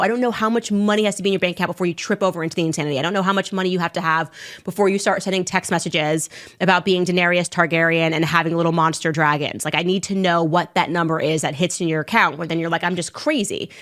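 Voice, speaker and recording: A woman's voice: fairly low pitch, fairly even intonation, quick pace, a bit bright. A woman hosting a commentary podcast, talking casually and sarcastically with lots of filler words. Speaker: podcast host. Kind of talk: political commentary.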